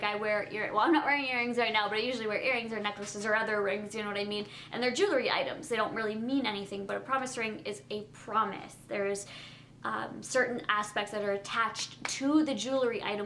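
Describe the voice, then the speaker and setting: A woman's voice: medium pitch, a bit bright, a little hiss or hum. A young woman vlogging at home at night, talking casually to the camera with lots of fillers.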